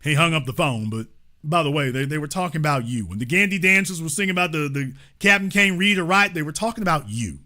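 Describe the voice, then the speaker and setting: A man's voice: on the high side, expressive, fast talker, bright, forceful tone. A man hosting a call-in show, taunting a caller with sarcasm and repeating phrases for emphasis. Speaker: host. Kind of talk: live call-in commentary.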